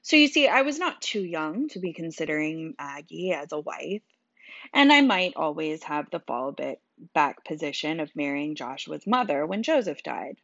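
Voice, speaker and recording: Audiobook narrator: low woman, wry delivery, dull dry studio sound. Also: sing-song, moderate pace, fairly bright tone, no room sound. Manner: wry, dry first-person telling. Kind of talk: storybook narration.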